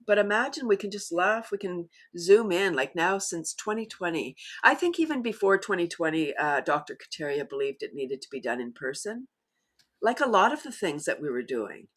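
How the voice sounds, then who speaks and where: A woman guest in a casual interview, talking enthusiastically and laughing often as she explains. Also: normal speed. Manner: animated storyteller, bursts higher and louder when excited. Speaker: guest, laughter yoga teacher.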